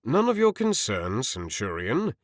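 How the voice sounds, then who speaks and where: A man voicing a cold, menacing grown knight in an audiobook, speaking low, clipped and coldly polite. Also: huge pitch swings, a little slow, no room sound, studio quality. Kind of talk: audiobook character voice.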